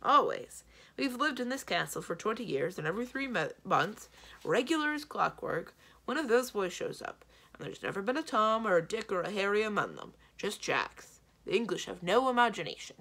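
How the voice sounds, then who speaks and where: Woman voicing grumpy male giant, complaining, loud, lively pitch, husky edge. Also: moderate pace. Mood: grumbling. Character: gruff grumbling male giant, husband.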